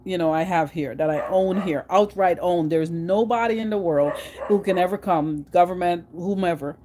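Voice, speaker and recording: A middle-aged woman from Guyana with a Guyanese accent, chatting to her vlog audience in an animated, storytelling way with frequent restarts. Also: on the low side, normal speed, a little hiss or hum. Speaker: vlogger. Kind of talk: casual monologue.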